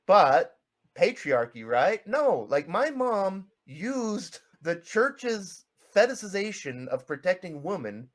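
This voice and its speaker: A man in casual podcast conversation, telling a family story with lively quoted voices. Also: high voice, takes it slowly. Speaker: podcast co-host.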